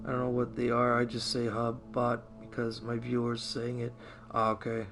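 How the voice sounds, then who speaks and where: A man's voice: medium pitch, completely flat delivery, normal speed, vocal fry, music in the background. Rambling livestreamer man, filler-heavy talk. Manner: rambling, filler-heavy, lots of "like" and "you know"; swears casually. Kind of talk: casual chat with stream viewers.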